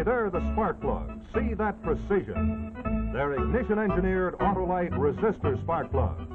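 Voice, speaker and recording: A man announcing a sponsor's commercial and next week's program in a hearty, emphatic old-time style, heard over tinny broadcast audio. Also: a little high.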